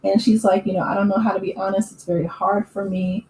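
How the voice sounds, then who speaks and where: A woman talks through a reality show recap in a loose, opinionated way, filling pauses with fillers and breaking into quick laughs. Her voice sits at an ordinary middle pitch. She is recorded in an echoey room with a faint hum of ambient noise behind her. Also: little pitch movement, darkish tone. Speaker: YouTube recap host.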